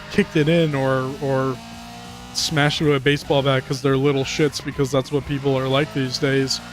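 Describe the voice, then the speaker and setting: A man giving casual, profane commentary over a racing game, rambling and ranting with animated outbursts. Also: on the high side. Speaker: gaming commentator. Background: game music and car engines.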